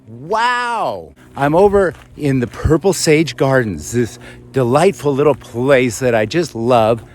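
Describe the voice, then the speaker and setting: A man's voice: a little high, slight background noise. Chatty man telling a story outdoors. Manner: chatty, rambling, laughs easily. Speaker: vlogger. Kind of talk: casual storytelling to camera. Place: outdoors in a forest.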